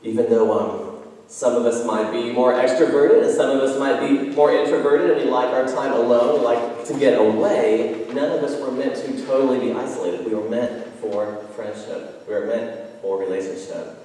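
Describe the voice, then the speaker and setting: Pastor preaching in an echoey hall. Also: male voice, medium pitch, moderate pace, mellow. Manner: conversational, storytelling, frequent ums and restarts. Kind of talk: sermon. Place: church sanctuary. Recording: echoey church hall from far off.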